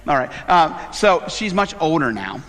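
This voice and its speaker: A man's voice: on the high side, big pitch swings, moderate pace, a bit bright, long reverb tail. A middle-aged man, a pastor, preaching a conversational sermon full of fillers and personal asides. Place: church sanctuary.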